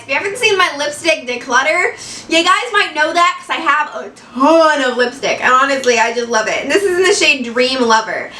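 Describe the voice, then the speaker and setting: A woman beauty vlogger chatting excitedly through an unboxing, giggling and repeating herself as she gushes. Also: high voice, echoey room, recorded from a distance, a little hiss or hum. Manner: giggly, gushing, repeats phrases. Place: home room in Florida.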